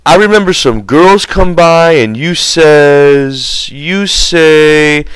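A man doing Lennie, a slow, childlike big man. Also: on the high side, a bit bright, slight background noise, voice pushed up, poor audio. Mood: eager. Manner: slow, hesitant, plaintive pleading.

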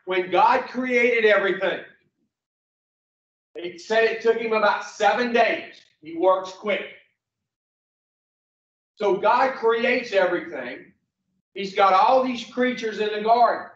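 A man's voice: high-pitched, slow, pauses often, fairly bright tone. Blunt, cussing man teaching a class. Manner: blunt, profane, joking. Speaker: recovery program instructor. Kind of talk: folksy storytelling lesson. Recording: distant, roomy, muffled.

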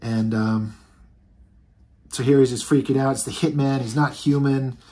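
A man's voice: medium pitch, fairly even intonation, moderate pace, warm tone. Guy flipping through a comic and talking it over, lots of ums, rambly. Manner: rambling, filler-heavy. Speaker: comic book reviewer. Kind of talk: casual comic book review.

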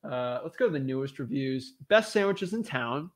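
A man's voice: mid-range voice, moderate pace, no echo, studio quality. A man talking casually to his viewers, joking and thinking aloud as he browses listings. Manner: animated, joking, talks to himself. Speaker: real estate wholesaler. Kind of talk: casual vlog commentary.

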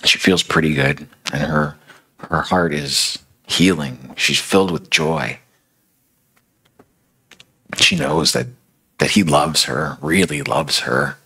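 A man's voice: a bass voice, animated, takes it slowly, vocal fry, long pauses, bright, forceful tone, husky. A man preaching a sermon, retelling a story in a casual, conversational way with many fillers.

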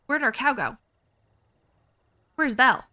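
A woman hosting a gaming video, talking through her play in a chatty, excitable way as she thinks aloud to viewers. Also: high voice, measured pace. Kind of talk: casual let's-play commentary.

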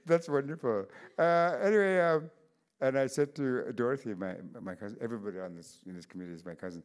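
Animated older man telling funny stories. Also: mid-range voice, fairly quick. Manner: animated, laughs often, restarts sentences. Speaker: author on a festival stage. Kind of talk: storytelling conversation.

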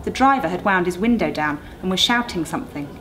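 A woman on a school staff reading a ghost story aloud in a measured, suspenseful way. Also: on the low side, lively intonation, a bit bright. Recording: noisy recording.

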